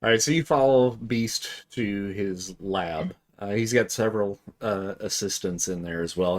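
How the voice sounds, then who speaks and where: A man narrating as game master of a tabletop game, easygoing and relaxed, with frequent "uh"s. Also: low-pitched. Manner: easygoing, many fillers, laughs along.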